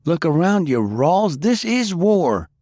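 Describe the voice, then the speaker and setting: A man's voice: medium pitch, animated, a little fast, darkish tone, no echo, clean studio sound, voice pushed up, close to an everyday voice. A man voicing a hot-headed, impulsive young man who speaks in a raised, urgent way. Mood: angry.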